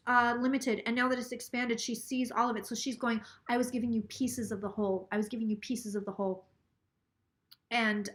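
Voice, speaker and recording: A woman with a bright, slightly high voice talks through a casual live psychic reading. She sounds a little tipsy and rambles as she relays a spirit's words. She swears freely along the way. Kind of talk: casual live tarot stream, relaying messages.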